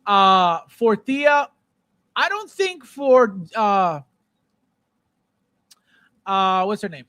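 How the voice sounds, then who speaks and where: A man with a high, bright speaking voice hosts a casual live stream and chats loosely with viewers. He talks in an animated way, says the same phrases again and again, and breaks into playful shouted bits. The sound is dry and close to the mic. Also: extremely slow, clear, resonant tone, no echo. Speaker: livestream host. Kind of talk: casual live chat reading viewer comments.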